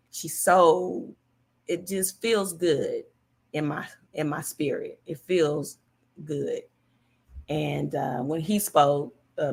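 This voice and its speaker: A woman talks casually and emphatically to her viewers, repeating her points for weight and responding to their comments as she goes. Her voice sits somewhat low with a gravelly, fried edge. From California. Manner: chatty, emphatic, repeats herself, reads viewer comments aloud. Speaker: livestream host. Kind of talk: casual political chat with viewers.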